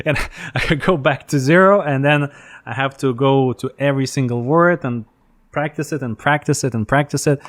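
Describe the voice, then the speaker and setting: A man's voice: medium pitch, a bit bright. Hesitant man hosting an interview. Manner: hesitant, restarts with fillers. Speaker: podcast host. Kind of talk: casual interview conversation.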